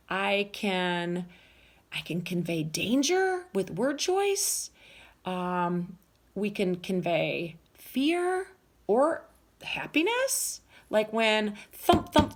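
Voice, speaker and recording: An animated woman teacher talks children through a lesson at an unhurried pace. Her voice climbs and dips widely as she keeps asking them questions. She sits a little high for a woman. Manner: animated, explains slowly, asks the listeners questions.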